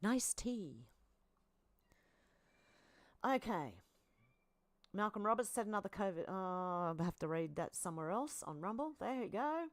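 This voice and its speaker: An Australian woman hosts a live stream in a medium-pitched, sing-song voice, unhurried and pausing often, in a dry recording. She casually reads posts and viewer comments, reacting aloud with chatty asides and fillers.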